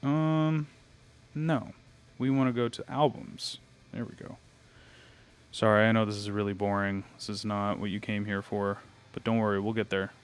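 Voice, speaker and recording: A man's voice: fairly low pitch, steady tone, moderate pace, clear, resonant tone. A young man chatting casually on a live stream, greeting viewers and thinking aloud as he posts online. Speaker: livestreamer. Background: faint metal music.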